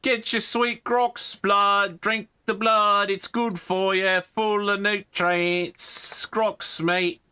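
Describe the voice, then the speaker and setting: A man's voice: sits high, level tone, sharp tone, clear, resonant tone, voice pushed up, exaggerated voice. A man voicing a male market vendor who calls out his wares. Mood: hawking. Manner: hawking, drawn-out calls. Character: loud male market hawker.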